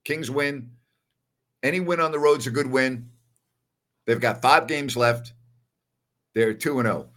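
A man's voice: mid-range voice, a little slow, pauses often, fairly bright tone. A man from New York hosting a solo basketball postgame livestream in a casual, emphatic way, often repeating himself. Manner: emphatic, repeats "all right" a lot. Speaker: host of a basketball postgame show.

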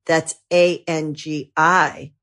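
An upbeat woman reading an advertisement in a slightly low voice. She sounds enthusiastic and personal as she delivers the read. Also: level tone, very slow, a bit bright. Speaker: ad reader.

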